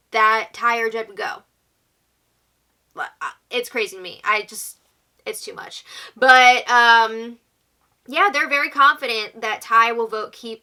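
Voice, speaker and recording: A young woman chats through a casual recap in a very bright, slightly high voice. She reacts with quick exclamations and quotes what others said. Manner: chatty, exclaiming, quoting houseguests. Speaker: recap host. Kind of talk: casual reality-show recap.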